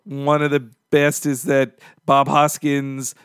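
A man's voice: medium pitch, completely flat delivery, slow, clean tone, dry recording, studio quality. A man co-hosting a casual cartoon podcast, enthusiastic, laughing often and groaning for emphasis. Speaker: podcast co-host. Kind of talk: casual chat about cartoons.

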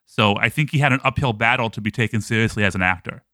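A man's voice: on the low side, fast, bright, forceful tone, dry recording. A man co-hosting a casual movie podcast, chatty and stumbling over his words, often laughing. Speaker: podcast co-host.

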